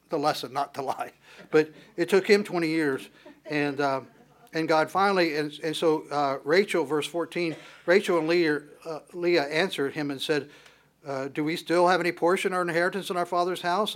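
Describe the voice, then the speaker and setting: A man's voice: fairly high pitch, fairly bright tone. A man preaching a sermon, retelling scripture in a casual way and acting out bits of dialogue. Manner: conversational, retells scripture with acted dialogue and chuckles.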